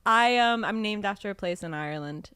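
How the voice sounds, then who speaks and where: A woman guest on a comedy podcast, deadpan and playing along with absurd bits. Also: medium pitch, brisk, clean tone, dry recording, clean studio sound. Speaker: podcast guest, content creator. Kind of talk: casual comedic chat.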